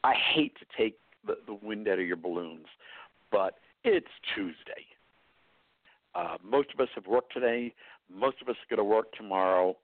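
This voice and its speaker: A man's voice: on the low side, lively intonation, moderate pace, no echo. A man with a New York accent, a cookbook author giving blunt, matter-of-fact cooking advice as a guest on a talk show. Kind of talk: casual advice on a phone-in show. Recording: dry tinny phone line.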